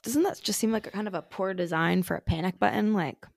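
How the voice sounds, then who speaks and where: Young woman co-host, low and gravelly, dry close sound, laid-back chatty reads. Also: quick pace, darkish tone, no room sound. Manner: laid-back, swears casually. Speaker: podcast co-host. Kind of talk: casual chat, reading listener stories.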